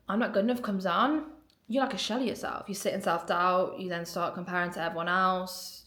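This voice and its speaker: A woman talking casually as a mindset coach, animated and blunt, swearing now and then and acting out inner voices. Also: lowish voice. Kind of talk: casual solo podcast talk. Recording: roomy echo.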